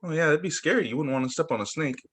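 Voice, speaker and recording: Animated man reading stories aloud. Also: fairly high pitch, racing. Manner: animated, expressive. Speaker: teacher. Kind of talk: reading picture books aloud to children. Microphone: video call.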